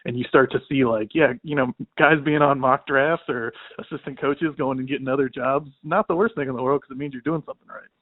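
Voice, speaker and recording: A man's voice: medium pitch, steady tone, a little fast, few pauses, no echo. Male guest, conversational analyst, mid-range voice, tinny dry phone audio. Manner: conversational, frequent "like" and "you know". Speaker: podcast guest. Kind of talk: casual sports analysis.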